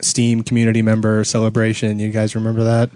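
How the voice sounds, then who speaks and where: A man's voice: lowish voice, completely flat delivery, quick pace, a little mellow, dry recording. A man from the Southern United States co-hosting a podcast at home, chatting casually and laughing often at himself. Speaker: podcast co-host. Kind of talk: casual chat.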